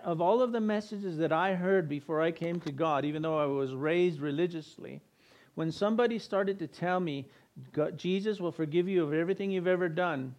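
A man's voice: high voice, a little mellow. A man preaching a sermon as pastor, speaking conversationally and putting questions to his congregation.

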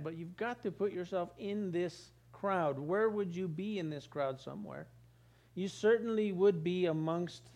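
A man's voice: on the high side, a little mellow. A man preaching a sermon as pastor, driving points home with repeated phrases. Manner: preaching with rising emphasis and repetition.

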